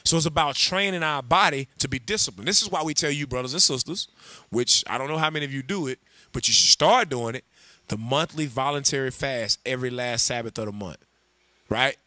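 A man teaching a scripture class, animated and joking, calling on others to read. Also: mid-range voice, brisk, no echo. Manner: animated, humorous, calls on readers. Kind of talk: sermon.

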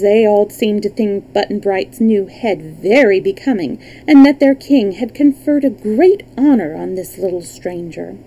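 A woman reading a children's book aloud on a livestream, lively, with small slips and restarts. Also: medium pitch, creaky, a little hiss or hum, low-quality recording. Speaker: storyteller.

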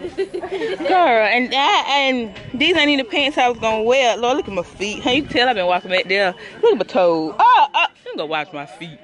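A young woman filming her own gender reveal party, loud and teasing, laughing and getting emotional with guests. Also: fairly high pitch, sing-song, fairly quick, hardly any pauses. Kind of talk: casual party vlogging. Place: busy outdoor family party. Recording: crowd chatter behind phone audio. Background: chattering crowd of guests.

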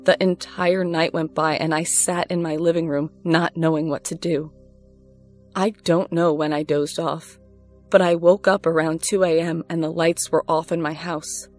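Low-voiced woman narrating horror. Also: little pitch movement, normal speed, a little mellow. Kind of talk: scripted horror story narration. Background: faint music.

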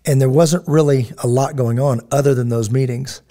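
A man's voice: medium pitch, fairly even intonation, normal speed, warm tone. A middle-aged man hosting a podcast, telling stories in a casual, digressive way and acting out the people he quotes. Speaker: podcast host. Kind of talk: casual storytelling chat.

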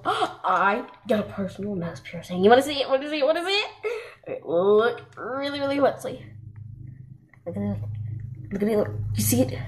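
A woman voicing a chatty, giggly teen girl doll who works the lights, rambling and repeating herself in doll play. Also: on the high side. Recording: loud background noise.

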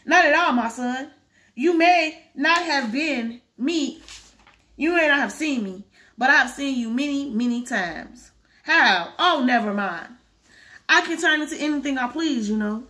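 A woman reading aloud as a lively, teasing old fairy godmother in a storybook, with a bright voice. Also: high voice, measured pace, heavily acted.

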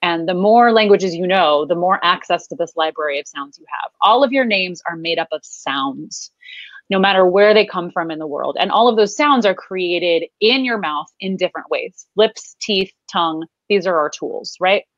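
A woman's voice: lowish voice, normal speed, no room sound, lo-fi sound. A woman from the American Midwest with a Midwestern accent, coaching listeners through breathing and name exercises in an upbeat, instructive way. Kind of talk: guided vocal exercise.

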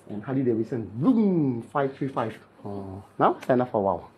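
A chiropractic therapist with a Malaysian English accent, instructing a client in clipped, playful phrases during treatment and mimicking cracking sounds. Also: male voice, medium pitch, very animated, fairly quick, mellow, a little hiss or hum.

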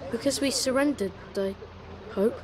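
A woman's voice: on the high side, moderate pace, a crowd in the background, lightly acted, poor audio. A woman voicing a boy who reassures his younger brother in a game. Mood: reassuring. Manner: soothing, reassuring. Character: protective older brother, boy.

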